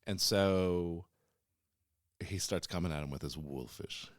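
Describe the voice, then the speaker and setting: A man's voice: deep voice, measured pace, no echo, studio quality. A man co-hosting a podcast, retelling a story in casual chat and breaking into playful silly voices for the characters. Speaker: podcast co-host.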